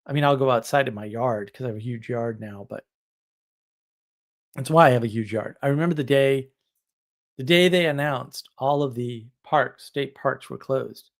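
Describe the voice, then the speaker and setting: A man's voice: mid-range voice, normal speed. A man hosting a live stream, chatting casually in a rambling way and laughing at his own stories. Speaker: livestream host.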